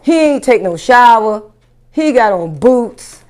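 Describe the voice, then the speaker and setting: A woman comedian doing a profane stand-up rant, animated and incredulous. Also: fairly high pitch, slow.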